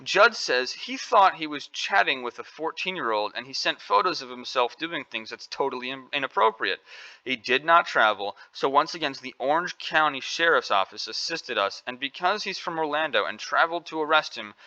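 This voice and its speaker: Indignant male commentary vlogger, bright voice. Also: fairly high pitch, expressive, moderate pace, highs cut off. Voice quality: emphatic, indignant, repeats phrases for stress. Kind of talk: opinionated news commentary.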